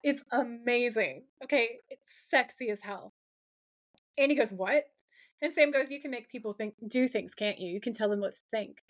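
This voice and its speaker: A woman's voice: fairly high pitch, normal speed. A woman co-hosting a podcast, animatedly recapping a TV episode in casual chat and acting out the characters' lines as she goes. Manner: animated, acts out the characters' lines while retelling scenes. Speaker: podcast co-host.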